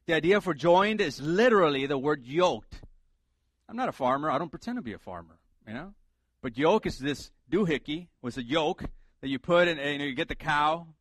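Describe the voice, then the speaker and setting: A man's voice: on the high side, expressive, normal speed, no echo. A middle-aged male pastor preaching a sermon in a conversational, humorous way, repeating his key points for emphasis.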